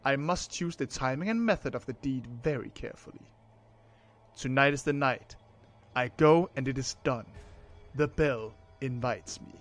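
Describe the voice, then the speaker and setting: A man's voice: medium pitch, expressive, fairly bright tone. A man reading as a cold scheming heir. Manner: cold, measured narration. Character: scheming young male heir plotting murder. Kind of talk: reading game narration aloud.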